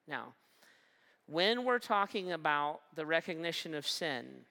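A pastor preaching a sermon and telling a humorous personal story, acting out the dialogue and slowing down for emphasis. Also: mid-range voice, bright, forceful tone, smooth.

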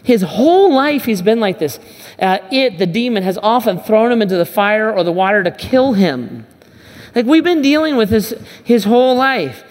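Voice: mid-range voice, sing-song, normal speed. A pastor giving a conversational sermon, restarting and repeating phrases and acting out the Bible dialogue. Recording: long reverb of a large hall.

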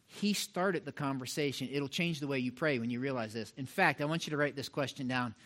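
A middle-aged man preaching a sermon as pastor, animated and talking straight to the congregation, acting out little voices to make his points. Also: medium pitch, fairly quick. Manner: animated, mimics voices for illustration, direct address to congregation.

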